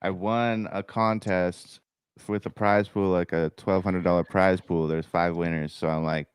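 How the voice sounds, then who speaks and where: A man co-hosting a podcast in casual chat, animated and jokey, grumbling about his games. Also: low-pitched, measured pace, clean tone, no room sound. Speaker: podcast co-host and gaming creator.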